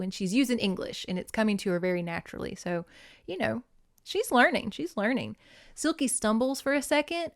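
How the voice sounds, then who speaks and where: A woman's voice: mid-range voice, no echo, clean studio sound. A woman hosting a casual book recap, chatting, swearing and laughing as she retells the story. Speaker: host reviewing books.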